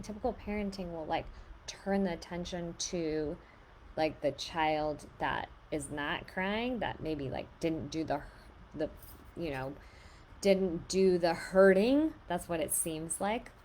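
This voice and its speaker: A woman and parent giving advice in a casual monologue, explaining calmly with lots of filler words. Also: fairly low pitch, measured pace, a little hiss or hum. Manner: conversational, many filler "like"s, calm explaining.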